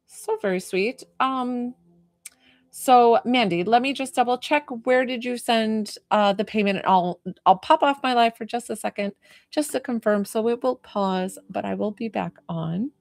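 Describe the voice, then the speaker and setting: A woman's voice: on the high side, moderate pace, dry recording, clean studio sound. Soothing woman healer on a live stream. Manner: soft and soothing, full of "like" and gushing thanks. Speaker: spiritual healer. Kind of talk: live-stream healing session.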